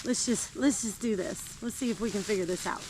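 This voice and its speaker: A woman vlogging casually while digging in her garden outdoors, chatty and quick to laugh. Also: medium pitch, a little mellow. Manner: chatty and easily delighted, laughs often. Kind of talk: casual chat while working. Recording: outdoor recording with clear background noise.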